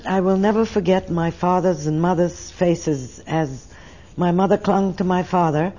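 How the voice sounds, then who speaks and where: A woman's voice: on the low side, unhurried, mellow, lo-fi sound. An older woman tells her life story in an oral history interview, speaking in a reflective and emotional way.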